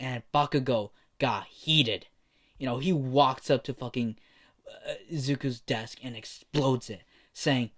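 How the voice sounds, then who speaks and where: A man's voice: mid-range voice, unhurried, fairly bright tone. Rambling man telling a fan story. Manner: rambling, full of "you know" fillers and swearing. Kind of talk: casual fan story narration.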